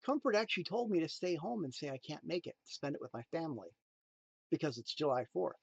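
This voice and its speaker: A man giving a motivational talk in a preachy, emphatic way, swinging between loud punchlines and quiet asides. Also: a little high, big pitch swings, fast, vocal fry, husky, dry recording. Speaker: motivational speaker.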